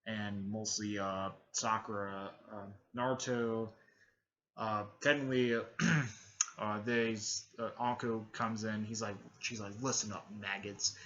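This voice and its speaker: A man's voice: on the low side, fairly even intonation, takes it slowly, fairly bright tone, lo-fi sound. Rambling man recapping an anime story. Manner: rambling, full of fillers and restarts. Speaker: video host.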